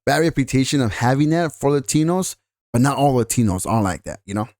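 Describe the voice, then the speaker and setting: A man's voice: medium pitch, lively intonation, brisk, darkish tone, no echo, studio quality. A young man from the United States talking casually to camera in a vlog, rambling a bit and stopping to search for words. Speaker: vlogger.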